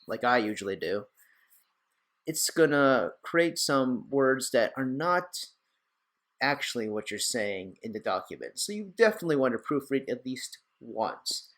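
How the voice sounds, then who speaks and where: A man's voice: medium pitch, fairly bright tone. Chatty young man walking through a tutorial. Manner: chatty, rambling, self-deprecating asides. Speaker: tech tutorial host. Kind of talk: casual screen-recorded tutorial.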